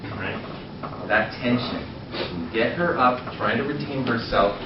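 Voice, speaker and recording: A man's voice: fairly low pitch, lively intonation, slow pace. Playful man teaching in an echoey room. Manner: playful, jokey, acts things out. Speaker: dating coach instructor. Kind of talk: live seminar teaching. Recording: echoey room, distant muffled mic, noise.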